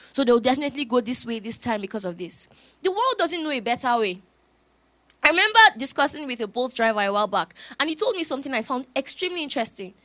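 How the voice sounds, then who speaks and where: A woman, preaching a sermon through lively storytelling. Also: sits high, dry recording. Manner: animated storytelling with laughs.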